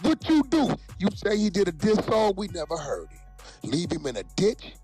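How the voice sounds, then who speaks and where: A man's voice: high voice, wildly swooping pitch, normal speed, a little mellow, breathy edge, faint music behind. A man in a profane livestream rant, angry and taunting, with a sing-song delivery.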